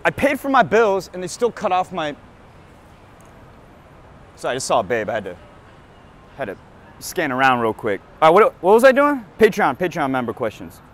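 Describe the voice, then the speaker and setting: Recorded outdoors on a night street with faint traffic, a hungover man runs his crude comedy podcast with loose, brash jokes. His fairly bright voice is on the high side, swinging hugely in pitch at a normal speed and pausing often.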